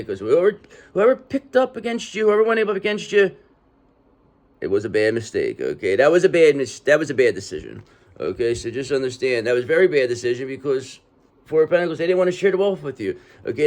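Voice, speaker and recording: A man giving a casual, street-talking tarot reading and repeatedly checking in with the listener. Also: medium pitch. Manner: street-talking, repetitive, reassuring with frequent "okay?". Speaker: tarot reader.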